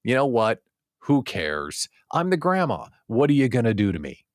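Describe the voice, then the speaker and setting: A man's voice: mid-range voice, very animated, normal speed, no room sound, clean studio sound, lightly acted. A man voicing a snarky, blunt old grandmother who speaks defiantly and without a filter. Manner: defiant, careless.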